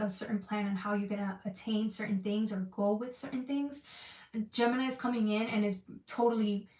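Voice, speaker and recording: A woman's voice: mid-range voice, darkish tone, recorded from a distance. Female tarot reader, earnest and repetitive, recorded in an echoey room off-mic. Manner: emotional, repetitive, searching for words. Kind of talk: casual tarot reading.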